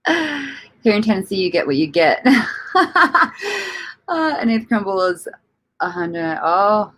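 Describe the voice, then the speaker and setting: A woman's voice: mid-range voice, sing-song, slow, long pauses. A woman hosting a casual livestream, reading out viewer comments and rambling through her thoughts with frequent laughs and casual swearing. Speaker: livestream host.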